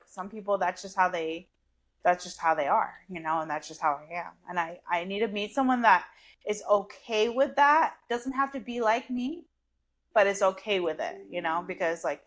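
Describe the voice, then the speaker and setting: A woman's voice: on the low side, a bit bright. Giggly chatty woman co-hosting a podcast. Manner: chatty, giggly, many "like" and "um" fillers. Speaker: podcast co-host. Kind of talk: casual chat.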